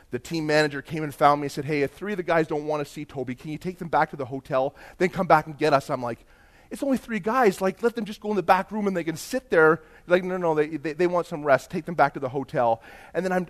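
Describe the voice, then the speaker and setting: A man preaching a sermon, telling a story and rising into loud emphatic bursts. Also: fairly high pitch. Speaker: pastor.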